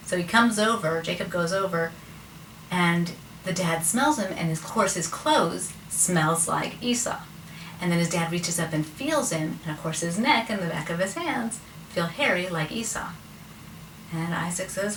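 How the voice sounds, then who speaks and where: A woman's voice: on the low side, animated, a little slow, a bit bright. A woman retelling a Bible story in a casual, conversational way with chatty asides. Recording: roomy, distant mic, faint noise.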